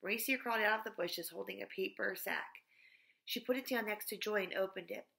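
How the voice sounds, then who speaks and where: A woman reads a children's chapter book aloud, cheerful and chatty, at a fairly quick clip. Her voice is bright and clear in an ordinary middle range.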